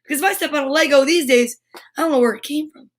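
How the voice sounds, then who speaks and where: A middle-aged woman hosts a live kids' show, chatting on the stream with viewers and responding to their comments in a bubbly, playful, silly way. Chatty and speaking to viewers directly, she talks fast in a high voice.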